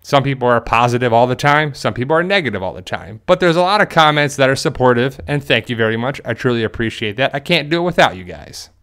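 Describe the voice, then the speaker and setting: A middle-aged man talks casually to his viewers. His voice is smooth and clear at a middle pitch, and he rambles easily from one story to the next. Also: animated, fast, hardly any pauses, a bit bright. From New Jersey. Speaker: YouTuber. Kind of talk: casual talking-to-camera vlog.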